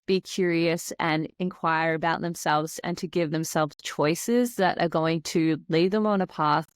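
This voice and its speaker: A woman's voice: deep voice, fairly even intonation, unhurried, smooth, dry recording, studio quality. Reflective woman hosting a chat. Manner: reflective, flowing, with frequent "like" and "right?". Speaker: podcast host and anxiety coach. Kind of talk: casual conversational interview.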